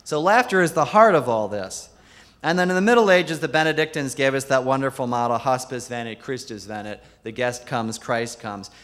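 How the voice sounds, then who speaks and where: Speaking at a normal speed, a man with a medium-pitched, fairly bright voice, a Jesuit priest, gives a keynote full of amusing anecdotes. He lowers his voice for quoted punchlines. The large conference hall produces long reverb.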